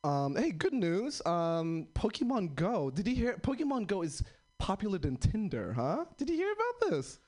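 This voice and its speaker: A man's voice: high-pitched, huge pitch swings, normal speed, a little mellow. A man doing a stand-up comedy set, with a self-described unusual-sounding voice, acting out the people in his stories. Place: live comedy venue with audience.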